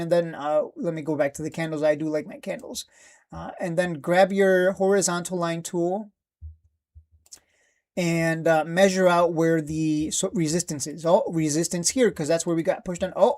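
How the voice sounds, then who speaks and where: A man's voice: sits high, a little mellow. A man hosting a live trading stream, ranting bluntly and with plenty of swearing, repeating himself in exasperation.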